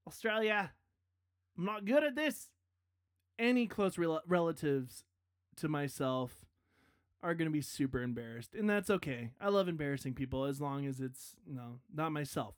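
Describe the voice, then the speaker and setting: A podcast host in a casual outro, chatty and rambling, poking fun at themself and now and then bursting into loud hype yells. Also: mid-range voice, expressive, normal speed, dry recording, studio quality. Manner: chatty, self-mocking, rambling.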